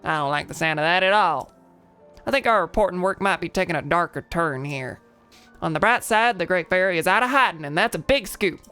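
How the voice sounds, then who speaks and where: A woman's voice: fairly low pitch, expressive, brisk, bright, forceful tone, smooth, faint music behind. A woman voicing a chipper male bird reporter from a video game, with a put-on southern drawl and a folksy manner. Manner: folksy, upbeat, calls you partner. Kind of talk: reading game dialogue aloud.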